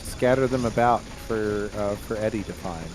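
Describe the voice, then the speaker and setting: A man's voice: fairly low pitch, moderate pace, a little hiss or hum. A young man, a podcast co-host, chatting casually on a live gaming stream, joking and jumping in to finish other people's lines. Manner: animated, jokey, jumps in to finish lines.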